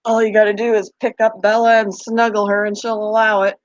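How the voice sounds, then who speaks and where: Casting note: young woman at mid pitch, chatty live-stream host answering comments, dry close sound. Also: little pitch movement, brisk, dry recording, highs cut off. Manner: chatty, talks back to viewers' comments. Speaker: pet channel host. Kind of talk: casual live-stream chat.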